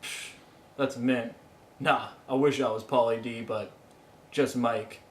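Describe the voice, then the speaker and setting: A man's voice: mid-range voice, fairly even intonation, slow pace, reverberant, lightly acted. A man playing a brash wannabe Jersey Shore bro in a comedy sketch, with a terrible put-on New Jersey accent. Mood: cocky.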